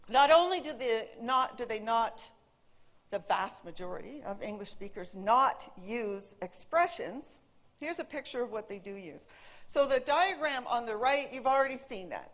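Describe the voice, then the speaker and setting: A woman in her forties speaks from a stage in a large auditorium, teaching about the language. Her voice sits a little high. She tells stories with lively swings up and down. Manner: animated storytelling, quoting her son in a put-on teen voice. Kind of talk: conference talk to a live audience.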